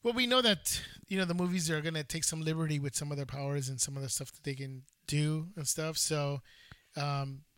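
A man's voice: on the high side, brisk, a bit bright, clear, resonant tone, dry recording. A man co-hosting a podcast, telling stories in an enthusiastic, casual way. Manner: enthusiastic, storytelling, says "dude" often. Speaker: podcast co-host. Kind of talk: casual chat.

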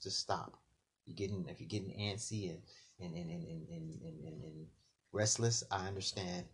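A man in a casual late-night monologue, an animated storyteller who acts out bits of dialogue. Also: low voice, a little hiss or hum.

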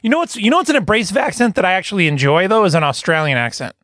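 A man co-hosting a comedy podcast, chatting casually in an animated, joking way. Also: sits high, no room sound. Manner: animated, joking, quick to laugh. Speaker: podcast co-host.

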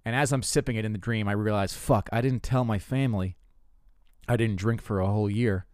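A man's voice: on the low side, a little fast, a little mellow, dry recording, studio quality. A man in his twenties, a comedian and host, telling stories in a rambling, profane, self-mocking way, full of restarts. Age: 20s. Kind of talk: casual comedic monologue.

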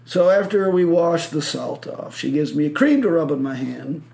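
A man's voice: a little high, animated, moderate pace, creaky, darkish tone. A man from Michigan hosting a podcast, telling a rambling story full of swearing and acted-out quotes. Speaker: podcast host. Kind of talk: casual chat.

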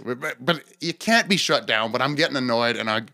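A man in his forties, a comedian hosting a podcast, telling a rowdy story in a casual, swearing, animated way. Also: brisk, no room sound. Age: 40s. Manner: animated, swearing, acts out quoted voices with jumps in pitch.

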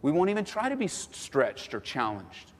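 A man preaching a sermon as pastor, animated and fond of acting out what people say. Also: on the high side, moderate pace, big-room sound. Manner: animated, acts out quoted voices. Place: church sanctuary.

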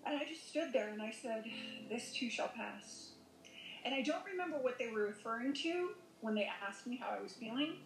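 A woman's voice: on the high side, animated, quick pace, hardly any pauses, a little hiss or hum. A woman telling a personal near-death story as a podcast guest, rambling with many fillers and self-corrections. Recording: echoey room.

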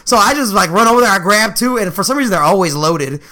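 High bright-voiced man telling stories. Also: fast. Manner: profane, animated storytelling, does voices. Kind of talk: casual storytelling chat.

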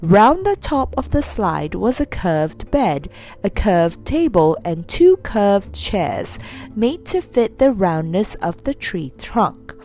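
A woman reading a children's storybook aloud as storyteller, expressive and animated. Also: medium pitch, slow, faint music behind.

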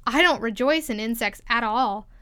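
A woman's voice: fairly high pitch, moderate pace, sharp tone. A woman reading aloud and voicing a curious, polite young girl who grows earnest and a little indignant.

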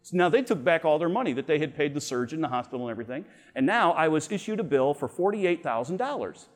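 A man's voice: a little high, expressive, quick pace. A middle-aged man teaching a Bible lesson to teenagers at a camp, telling personal stories and acting out the voices he quotes. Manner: storytelling, acts out quoted voices. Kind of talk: animated youth Bible lesson.

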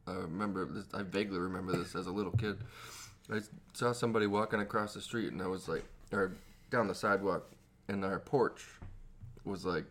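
A man's voice: low voice, fairly bright tone, slight background noise. A man on a podcast, chatting casually with short reactions and telling a childhood story. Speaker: podcast co-host. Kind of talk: casual chat.

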